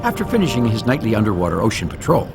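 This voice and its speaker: Give me a man gently narrating a children's story, lively and warm in telling. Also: fairly low pitch, rapid-fire, creaky. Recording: narration over loud music.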